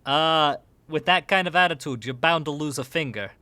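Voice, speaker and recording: A man's voice: fairly high pitch, moderate pace, bright, forceful tone, dry recording. Joey Wheeler as a Boston mobster, put on by a man. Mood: menacing. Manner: threatening in a jokey tough-guy way. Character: tough male gangster with old-school mobster bluster.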